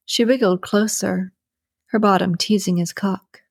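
Female audiobook narrator, mid-range voice, steady scripted romance read, dry booth sound. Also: medium pitch, a little slow, vocal fry, slightly rough, no room sound.

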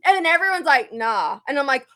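A woman co-hosting a casual podcast, telling a story in an animated way, swearing often and acting out the people she quotes. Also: high voice, a little fast. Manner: animated, swears a lot, acts out quoted voices. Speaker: podcast co-host.

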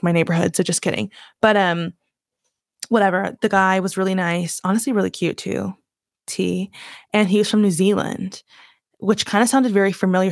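Podcast host, 20s, mild Virginia twang, mid-pitched, loose filler-heavy chatter, dead-dry room. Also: female voice, gravelly, no echo. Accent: Southern US (Virginia). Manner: chatty, rambling, heavy "like" filler, self-mocking laughs. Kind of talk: casual solo chat.

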